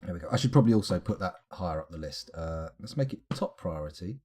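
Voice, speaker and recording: A low, slightly husky man talking his way through a live game stream. His pitch swings around a lot as he mutters at the menus and drifts into chat replies. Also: expressive, quick pace, mellow. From United Kingdom. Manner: mutters to himself while clicking through menus, answers chat. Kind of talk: live gameplay commentary.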